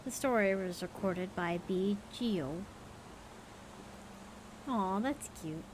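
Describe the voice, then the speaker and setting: A woman streaming, reading folk stories aloud in a relaxed, playful way. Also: medium pitch, slow pace, slight background noise, poor audio. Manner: casual, playful, tired late in the stream. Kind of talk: storytelling livestream.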